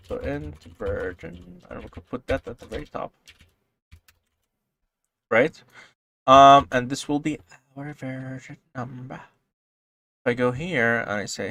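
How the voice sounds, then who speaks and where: A man giving a casual coding tutorial, explaining calmly and then breaking into loud, excited outbursts, with frequent swearing. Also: mid-range voice, a little slow, creaky, long pauses, a little hiss or hum. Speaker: programming tutorial host.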